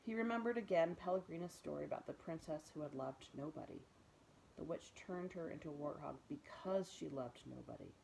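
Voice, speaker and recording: A woman librarian reading a children's book aloud in a gentle, expressive storytelling voice. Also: sits low, brisk, vocal fry, a little hiss or hum, rough recording. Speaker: school librarian.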